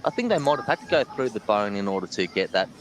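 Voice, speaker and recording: A man's voice: fairly low pitch, sing-song, fast talker, slight background noise, poor audio. An Australian man being interviewed about eating chilli, chatting casually and bluntly, joking and laughing as he talks. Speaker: guest, chilli-eating champion.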